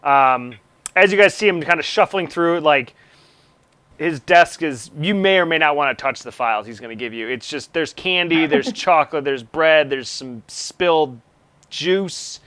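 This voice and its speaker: A man's voice: a little high, normal speed, pushed and bright, no echo. A man running a tabletop game as game master, narrating in a rambling way with lots of fillers.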